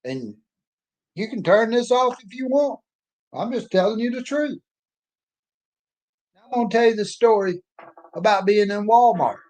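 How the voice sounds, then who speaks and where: A man's voice: sits high, lively intonation, a little slow, pauses often, darkish tone. A man telling a folksy, blunt story in a casual monologue. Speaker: author and speaker.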